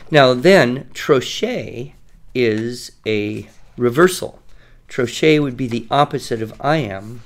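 A man co-hosting a podcast, explaining poetic meter in a relaxed teaching manner, chanting rhythms and reciting verse slowly. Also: mid-range voice. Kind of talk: relaxed educational conversation.

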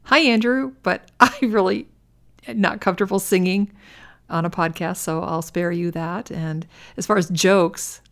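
A woman hosting an educational podcast, friendly and quick to laugh. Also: lowish voice, fairly even intonation. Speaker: podcast host.

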